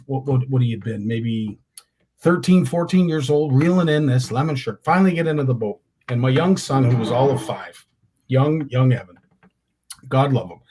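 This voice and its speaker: A man's voice: fairly high pitch, breathy edge. A middle-aged man, hosting a fishing talk show and telling rambling anecdotes with lots of restarts. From Canada. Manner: rambling storyteller with many restarts. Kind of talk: casual chat, telling anecdotes.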